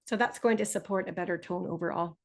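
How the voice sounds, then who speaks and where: A woman teaching a test prep webinar, explaining scores in a clear, friendly way. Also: lowish voice, fast. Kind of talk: instructional webinar.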